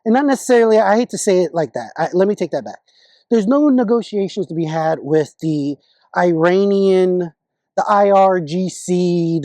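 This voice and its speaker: A man's voice: high-pitched, darkish tone, dry recording. A man vlogging his political opinions in a casual monologue, confident but often restarting and correcting himself mid-sentence.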